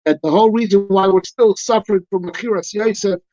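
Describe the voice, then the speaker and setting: A man's voice: sits high, fairly quick, mellow, dry recording. A male rabbi giving a live, conversational discourse on Torah, emphatic and full of rhetorical questions. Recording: dull lo-fi recording.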